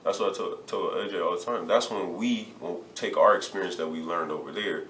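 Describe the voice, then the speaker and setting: A man with a very deep voice, a retired basketball player speaking earnestly as a guest. He restarts phrases and repeats words while he looks for them. He sits a little back from the mic in an echoey room, with a faint hiss underneath. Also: fairly quick, fairly bright tone, distant mic. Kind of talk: casual interview talk. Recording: roomy, from off the mic, faint noise.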